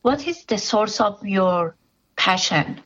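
A woman interviewing, asking questions in a gentle, attentive way. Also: mid-range voice, lively intonation, takes it slowly, muffled recording. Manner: gentle, attentive, many soft affirmations. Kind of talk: interview questions, soft backchannels.

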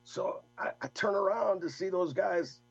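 An older man, a guest, telling a rambling, animated story in casual talk. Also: sits high, measured pace, vocal fry, husky, highs cut off, faint music behind. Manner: rambling, animated anecdote with laughs.

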